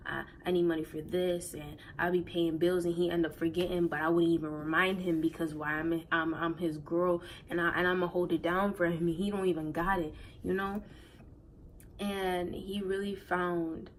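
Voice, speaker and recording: A young woman with a slightly low voice tells her story in loose, slangy talk, circling back and repeating herself. She sounds emotional and near tears. A faint ambient hum sits behind her. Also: low-quality recording. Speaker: vlogger. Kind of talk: storytime vlog, casual.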